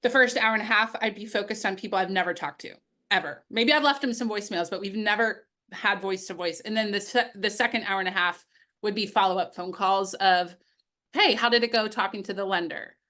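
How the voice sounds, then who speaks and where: A woman's voice: mid-range voice, fairly quick, sharp tone. A woman sales coach answering interview questions, telling upbeat stories from her calls and laughing now and then. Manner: storytelling, upbeat, laughs while telling anecdotes.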